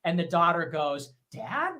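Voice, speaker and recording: A man delivering a fast, profane, scornful rant as a livestream commentator, with mocking laughs. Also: high-pitched, lively intonation, crowd noise. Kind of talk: ranting monologue.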